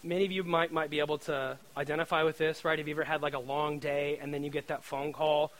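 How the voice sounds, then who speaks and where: Brief: male preacher, fairly high voice, casual joking sermon, animated, keeps checking in with "right?". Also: fast, rough recording.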